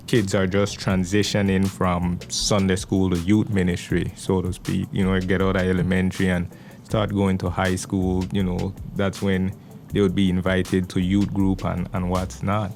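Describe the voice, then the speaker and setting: A pastor from Belize, guesting on a podcast, speaks in a deep, flat male voice at an unhurried pace, with faint music behind. His interview answers are measured and conversational, earnest and steady, and he repeats small words as he thinks.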